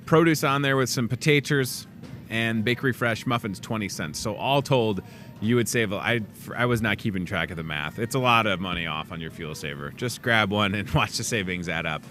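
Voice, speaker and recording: Male in-store show host, low-pitched, casual, jokey asides, faint store noise behind. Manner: chatty, joking asides, lively swings in pitch. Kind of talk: casual promo chat. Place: grocery store.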